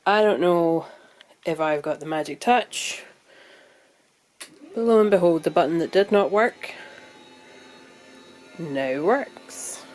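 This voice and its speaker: Scottish woman vlogger, lowish voice, rambling and chatty, casual home chat. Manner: chatty, thinking out loud, rambling. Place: room at home.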